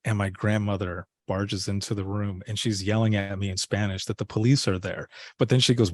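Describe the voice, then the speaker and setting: A man's voice: fairly low pitch, fairly quick, no room sound, clean studio sound. A man telling a personal story in a casual interview, acting out the dialogue he quotes. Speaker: podcast guest, former dispatcher.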